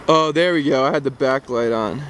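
A man chatting casually on a home video, with excitable exclamations and laughter. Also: mid-range voice, brisk. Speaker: friend filming a snowboarding trip. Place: outdoors on a mountain, partly in a car. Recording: camcorder audio with clear outdoor noise.

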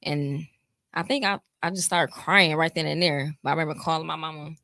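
A woman's voice: low-pitched, fairly even intonation, a little fast, vocal fry, sharp tone. A young woman recounts a painful night rawly and without polish. The mic is close and the room is dry, with no reverb. She swears casually as she talks. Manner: raw emotional recollection with casual swearing. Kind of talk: casual chat.

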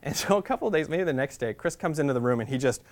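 A man spinning a humorous personal story at a quick clip. His pitch swings widely, and he keeps the tale lively and chatty, often breaking into laughter. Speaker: guest speaker.

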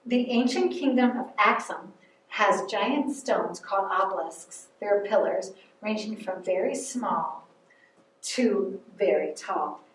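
A woman presenting a library lesson to children, speaking slowly and patiently and sounding out words for them. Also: mid-range voice, a little hiss or hum. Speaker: library program host teaching children. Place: library room. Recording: echoey room, voice far from mic.

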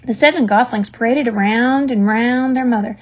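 A woman reading a children's novel aloud in a steady storytelling manner, on a dull lo-fi recording. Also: on the high side, moderate pace, husky. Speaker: reader.

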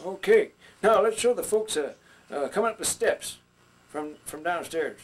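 A man's voice: high-pitched, animated, moderate pace. A man doing folksy old puppet Pops. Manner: folksy, chatty, with hesitant fillers. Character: folksy older male puppet named Pops. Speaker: puppetry instructor. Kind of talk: puppet instruction skit.

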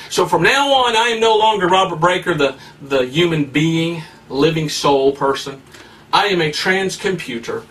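A man's voice: fairly high pitch, fairly bright tone, far from the mic, slight background noise. A man preaching a sermon in a fiery, emphatic way, full of rhetorical questions.

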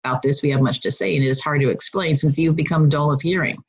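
A chatty woman leads a Bible study. She talks casually and keeps breaking off to correct herself. Her voice is a little husky, and she has a runny nose. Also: low-pitched, fairly even intonation, fast talker, rough recording. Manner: chatty, self-interrupting, laughs at herself. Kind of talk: casual recorded Bible lesson.

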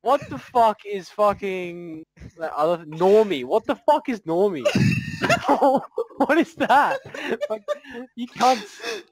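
A young man with a high, bouncy voice that swoops all over as he talks. He rants and mocks his mates between games, swearing constantly in loose, casual gamer chat. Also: wildly swooping pitch, takes it slowly, low-quality recording. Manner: mocking rant, heavy swearing, laughing. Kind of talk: casual chat while gaming.

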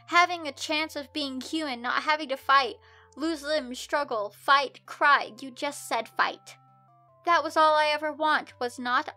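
Bright-voiced woman reading fan fiction aloud. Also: high voice. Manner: exasperated, breaks off to shout in disbelief. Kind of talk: comedic dramatic reading with commentary. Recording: soft music bed underneath.

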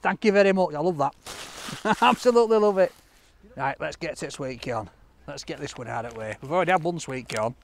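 A cheerful man, excitable and quick to laugh as he vlogs in a park. His voice sits a little high for a man. Faint background noise runs under the outdoor recording. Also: creaky. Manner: chatty, excitable, often laughing. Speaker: food reviewer opening fan mail. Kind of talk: casual vlog chat to camera.

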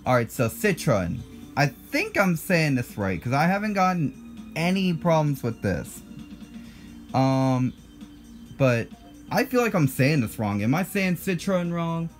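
A man's voice: fairly high pitch, very animated, a little slow, soft background music. A man in his twenties with an American accent hosts his own video, talking casually in a blunt, defensive way and correcting himself in asides. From United States. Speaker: channel host.

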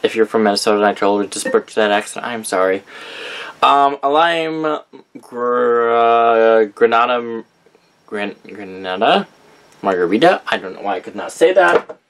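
A man's voice: on the low side, animated, fairly quick, fairly bright tone. A young man chatting casually in a vlog, reading out a list of names and often correcting himself as he goes. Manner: rambling, reads out names with frequent self-corrections. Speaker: vlogger showing a candle collection. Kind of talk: casual chat.

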